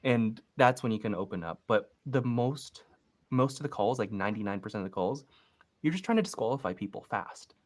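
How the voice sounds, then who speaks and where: A young man with a lowish voice coaches casually over a video call. He explains his process step by step and slips into short acted lines of a phone call. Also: fairly quick. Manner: relaxed, explains step by step and acts out sample phone calls. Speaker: real estate investing coach.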